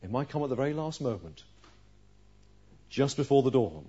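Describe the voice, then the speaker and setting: Husky preacher, loud then hushed. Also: male voice, medium pitch, sing-song, moderate pace. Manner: earnest preaching with rhetorical questions, swinging from loud to hushed. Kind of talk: sermon. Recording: dull lo-fi recording.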